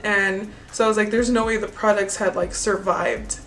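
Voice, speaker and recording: A woman vlogging casually about makeup, telling a story in a chatty, animated way and acting out the people in it. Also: medium pitch, moderate pace, recorded from a distance, soft background music, rough recording. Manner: chatty, animated storytelling, acts out quoted voices. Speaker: beauty vlogger.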